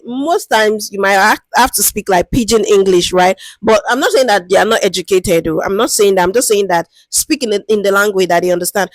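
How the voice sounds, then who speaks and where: A woman with a Nigerian accent giving a casual, lively lesson, often checking that listeners follow and acting out interview lines. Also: brisk, hardly any pauses, no room sound. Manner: lively, conversational, keeps asking "do you understand?"; acts out interview lines in a higher, sweeter voice. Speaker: product management teacher. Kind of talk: casual explanatory talk.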